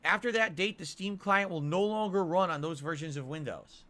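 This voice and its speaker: A man's voice: high voice, normal speed, sharp tone. A male streamer complaining at length in an indignant, ranting monologue.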